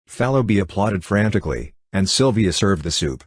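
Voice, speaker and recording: Male audiobook narrator, steady and even, low husky voice, dry recording. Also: normal speed, hardly any pauses, dry recording. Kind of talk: scripted narration.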